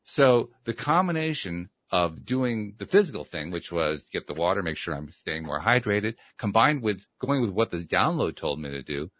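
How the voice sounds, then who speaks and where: A man co-hosting a casual talk show, telling a personal story in a reflective, measured way. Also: low voice, expressive, a bit bright, no room sound.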